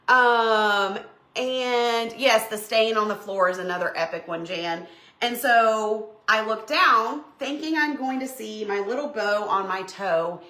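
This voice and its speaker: A woman's voice: mid-range voice, normal speed, roomy sound. A middle-aged woman, chatting folksily as she crafts on a live stream and tells stories. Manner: animated, folksy, bursts into shrieks and laughter when retelling. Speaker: craft livestream host.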